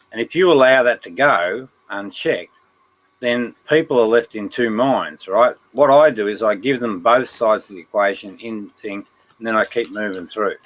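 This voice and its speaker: A man's voice: fairly low pitch, a bit bright, slight background noise, rough recording. Aussie guy hosting a live stream chat, keeps laughing and cursing, very emphatic. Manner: laughs often, swears freely, emphatic. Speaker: livestream host. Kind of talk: casual livestream chat.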